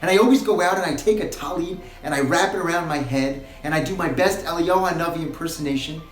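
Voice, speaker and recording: A man's voice: a little high, fast. A man giving a short recorded sermon as a rabbi, earnest and building to impassioned, pleading questions. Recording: roomy echo, faint music.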